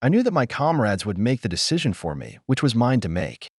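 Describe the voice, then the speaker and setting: A male narrator tells a first-person wartime story in a grave, measured way. His voice rises and falls with lively intonation. The recording is dry and close, with no room sound. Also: mid-range voice, breathy edge, no room sound. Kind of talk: scripted first-person war memoir narration.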